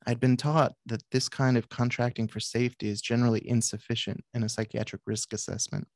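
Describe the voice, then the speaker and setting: Author reading, male, flat and gravelly, dry close sound. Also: mid-range voice, dry recording. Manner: measured, with brief asides to the audience. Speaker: author and psychiatrist. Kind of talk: reading aloud from his book.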